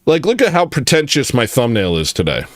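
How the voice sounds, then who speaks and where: A man hosting a casual livestream, rambling from joke to joke as he answers his chat. His pitch swings up and down a lot, and the sound is close and dry with no room echo. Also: huge pitch swings, fairly quick. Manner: rambling, joking, reacting to chat. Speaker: livestream host.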